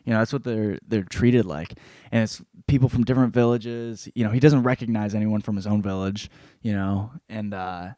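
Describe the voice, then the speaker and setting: A man hosting a podcast, rambling through a casual book review with constant swearing and animated storytelling. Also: on the low side, moderate pace, dry recording, studio quality. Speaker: podcast host.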